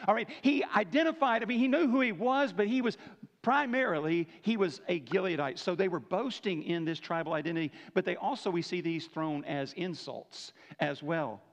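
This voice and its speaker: A man's voice: high voice, normal speed. A man preaching a sermon to his church in a casual, conversational way, checking in with listeners by asking "right?" often. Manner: conversational preaching, frequent "right?" tag questions. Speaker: pastor. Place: church sanctuary. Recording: dull lo-fi church hall recording.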